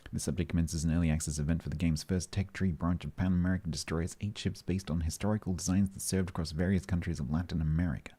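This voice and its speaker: Very deep-voiced man reading patch notes. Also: dark tone, slightly rough. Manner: chatty, jokey, reads aloud and breaks off to answer chat. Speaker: streamer. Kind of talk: casual stream chat reading patch notes.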